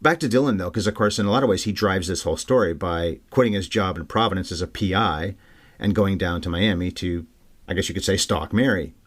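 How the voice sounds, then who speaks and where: A man with a lowish voice talks quickly, co-hosting a casual film podcast. His delivery is chatty and animated, running from one scene to the next. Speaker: podcast co-host. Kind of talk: casual film-review chat.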